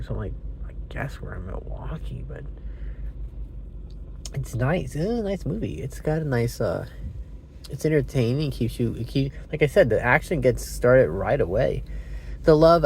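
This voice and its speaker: A man's voice: medium pitch, lively intonation, brisk, darkish tone, a little hiss or hum. A man giving a casual, rambling movie review, meandering with fillers and self-corrections, sounding sleepy. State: sleepy, yawning.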